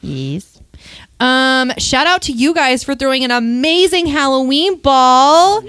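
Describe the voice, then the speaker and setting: A woman's voice: sits high, expressive, takes it slowly, a bit bright, clean tone, no room sound. A woman co-hosting a podcast, chatting casually and giving supportive replies. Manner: supportive interjections, reads ads plainly. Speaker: podcast co-host. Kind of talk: casual chat.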